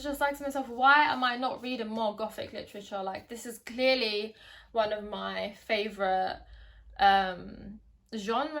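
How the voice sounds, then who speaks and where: A young woman giving a casual book review, chatty and hesitant, with many ums and restarts. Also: medium pitch. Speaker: book vlogger.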